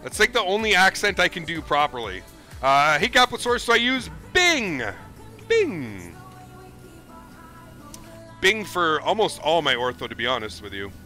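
Bright-voiced upbeat male game streamer. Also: a little high, very animated, a little fast, faint music behind. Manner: casual and upbeat, chatty, calls viewers dude. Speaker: flight sim streamer. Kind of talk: live-stream commentary, reading chat.

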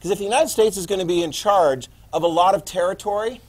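A man teaching a history class, lecturing lively and quizzing his students as he goes. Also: high-pitched, quick pace, low-quality recording. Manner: lively, quizzing students and repeating key words.

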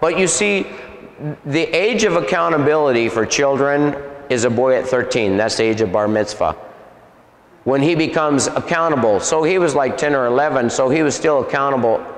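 A man preaching, telling a story with animated delivery, sound effects and many repeats, in an echoey hall. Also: medium pitch, moderate pace. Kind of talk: sermon testimony. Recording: echoey hall with long reverb.

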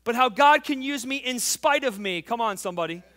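A man in his forties preaching a sermon as pastor, fervent and emphatic, telling a family story and dropping to quiet intimacy. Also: very high voice, expressive, fairly quick. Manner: tells a family story, acting out the voices.

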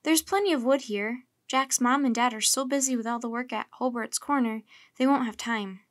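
A woman's voice: on the high side, normal speed, no echo, close to an everyday voice. A woman reading aloud voices Mandy, a cheerful, helpful girl, close to her own voice.

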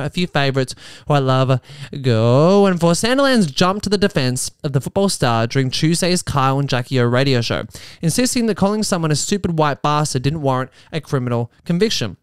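A man hosts a comedy podcast, riffing sarcastically on a news story and slipping into quick mock voices. His voice sits a touch high and sounds smooth and resonant. He is recorded close on a dry mic. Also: dry recording. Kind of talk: comedic commentary on a news article.

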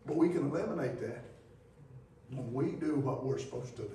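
A male pastor preaching a sermon in a church, moving from quiet scripture reading to loud, fervent exhortation with folksy grammar. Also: mid-range voice, a little fast, pauses often, distant mic, a little hiss or hum. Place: church sanctuary. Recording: very echoey church hall from afar.

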